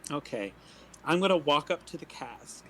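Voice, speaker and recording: A man playing a tabletop role-playing game, playful and quick to laugh, often restarting his sentences. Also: fairly high pitch, animated, fairly bright tone, a little hiss or hum, low-quality recording. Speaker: player.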